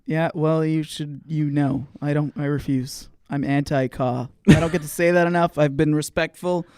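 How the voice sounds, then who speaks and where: A man's voice: fairly high pitch, fairly even intonation, moderate pace, darkish tone, clear, resonant tone, no echo, studio quality. A man in his late twenties, a podcast co-host, telling rambling anecdotes with lots of laughter in casual chat.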